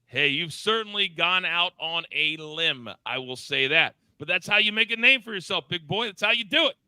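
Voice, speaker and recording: A man hosting a live sports betting show, upbeat and teasing as he calls on each crew member for quick picks. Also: high voice, animated, pushed and bright, clear, resonant tone, dry recording, poor audio. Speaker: host.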